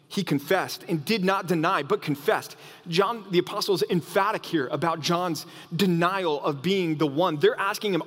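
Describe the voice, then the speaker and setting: A pastor with a fairly high voice delivers a lively sermon, stumbling over and restarting his phrases as he goes. His words ring out with a long reverb, as if in a big church sanctuary. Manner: animated, acts out quoted voices, frequent restarts.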